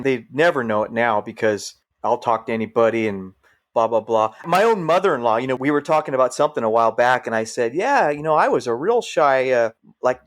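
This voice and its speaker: Animated middle-aged man telling stories. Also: medium pitch. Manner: animated storyteller, acts out quoted voices. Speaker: podcast guest, firefighter. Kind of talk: casual storytelling.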